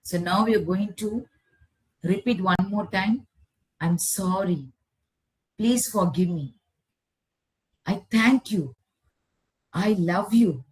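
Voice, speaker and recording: A woman leading a guided healing meditation over a video call, speaking slowly and gently in repeated affirmations. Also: medium pitch, rough recording. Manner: slow, gentle, repetitive affirmations. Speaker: healer leading a guided session.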